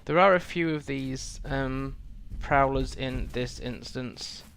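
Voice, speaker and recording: A man's voice: mid-range voice, takes it slowly, creaky, fairly bright tone, a little hiss or hum. A man casually commenting on a game while playing, rambling and correcting himself with little chuckles. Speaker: gaming channel host.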